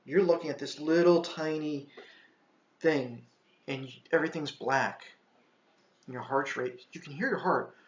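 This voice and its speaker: A man, a retired park ranger, telling a tense first-person story, halting and restarting, and shouting the commands he once gave. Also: on the high side. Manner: intense, shouts quoted commands. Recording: echoey, slightly dull sound.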